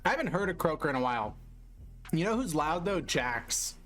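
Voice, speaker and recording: A man's voice: a little high, sing-song, fairly quick, a bit bright, a little hiss or hum. A man casually commenting on fishing news during a live stream, with offhand, wry reactions and mild swearing.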